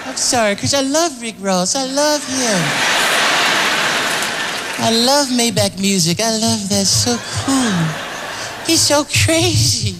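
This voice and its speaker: A man doing an impression of a gentle, high-voiced male pop star with a soft, breathy, gushing manner and childlike glee. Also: animated, slow pace, long pauses, heavy background noise, exaggerated voice. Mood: gleeful.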